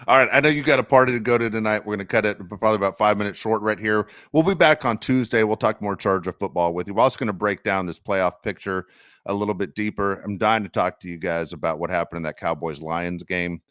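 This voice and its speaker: Deep-voiced man hosting a podcast. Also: fast, a bit bright, no echo, studio quality. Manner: earnest, reflective storytelling. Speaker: podcast host. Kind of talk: casual sports podcast chat.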